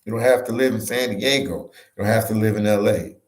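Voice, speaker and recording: This man from Philadelphia, Pennsylvania is a travel vlogger doing a casual livestream, reading out viewer comments and responding. His voice is lowish and brisk, and the echoey office room shows in the recording.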